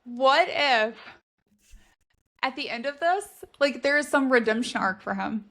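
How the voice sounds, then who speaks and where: A woman's voice: sits high, expressive, unhurried, a bit bright. A woman co-hosting a podcast, talking through theories about a fantasy novel in a casual, thinking-aloud way, full of "like" fillers. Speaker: podcast co-host. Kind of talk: casual book discussion.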